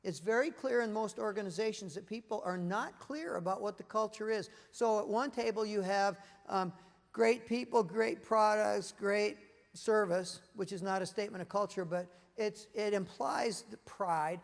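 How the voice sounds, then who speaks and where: High-pitched middle-aged guy giving a leadership talk, lots of questions to the crowd, reverby hall. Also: normal speed, creaky. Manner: energetic storytelling, rhetorical questions to the room. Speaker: keynote speaker. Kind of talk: corporate leadership presentation. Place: large meeting room with an audience at tables.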